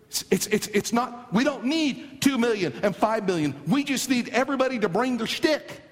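Animated preacher in a reverberant hall. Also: male voice, very high-pitched, moderate pace. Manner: dramatic, swings from hushed to shouting. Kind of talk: sermon.

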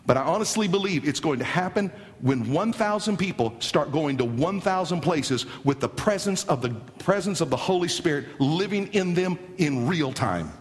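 A man preaches with dramatic swings, dropping low and soft before climbing to near shouts. His pitch sits slightly high and moves a lot. The sound carries a long reverb, as in a large hall. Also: lively intonation, normal speed, hardly any pauses. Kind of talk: sermon.

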